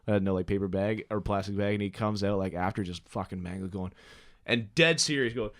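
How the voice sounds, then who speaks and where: A man hosting a podcast in casual chat, loud and laughing, swearing freely. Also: fairly low pitch, fast talker. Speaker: podcast host.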